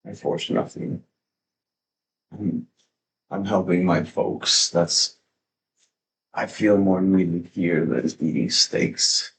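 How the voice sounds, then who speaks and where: A man hosting a livestream, talking in a casual, excitable, rambling way with plenty of swearing, into a desk mic at his home setup. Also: deep voice, slow, gravelly, long pauses, slight background noise. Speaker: livestream host. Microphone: desk microphone.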